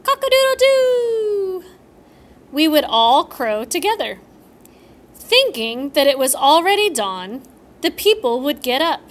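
A tall, robust trickster, as a woman puts him on for a storybook, full of mischief and playful talk. He bursts into shrill rooster crows that swing the voice way up, all within a slow, lively telling. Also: exaggerated voice. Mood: mischievous.

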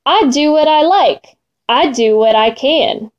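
A woman's voice: high voice, animated, slow pace, lo-fi sound. A woman voicing a boastful male lion king who chants his lines in rhythmic verse during a storybook reading.

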